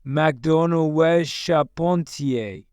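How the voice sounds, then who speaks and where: A man's voice: fairly high pitch, slow, darkish tone, clean tone, no room sound, studio quality. A man voicing a stern emperor giving clipped commands to his officers in a storybook.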